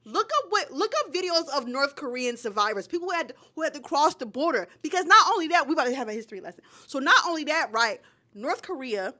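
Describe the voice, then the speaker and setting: A woman's voice: high voice, lively intonation, fast, sharp tone. A woman co-hosting a podcast in heated casual chat, passionate and profane, lecturing listeners. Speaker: podcast co-host.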